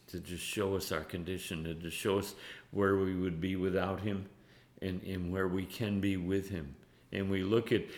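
A man preaching a sermon in an earnest, halting way, often restarting words and reading scripture aloud. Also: sits low, echoey room. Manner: reads scripture in old-fashioned phrasing.

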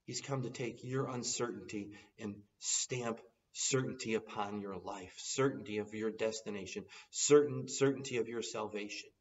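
A man's voice: on the low side, moderate pace, hardly any pauses. A man preaching a sermon, quoting scripture in an earnest voice and rising into urgent appeals. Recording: dull sound from some distance off.

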